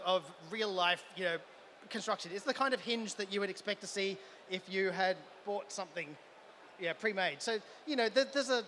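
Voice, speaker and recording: A man's voice: high-pitched, sharp tone, a little hiss or hum. An Australian man giving a live conference talk, enthusiastic and full of stammering restarts. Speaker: conference speaker. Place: event hall.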